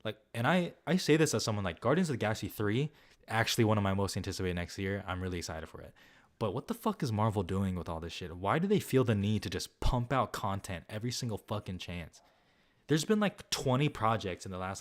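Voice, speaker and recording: A young man with a somewhat low voice talks through films for his viewers. He rambles loosely, leans on filler words and swears freely, all in casual, offhand chat. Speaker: film vlogger. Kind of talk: casual talk reviewing films and answering viewers.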